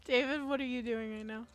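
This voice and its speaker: A woman's voice: high-pitched, fairly bright tone. A woman running a tabletop game as game master, narrating playfully, laughing often, and swearing in mock outrage.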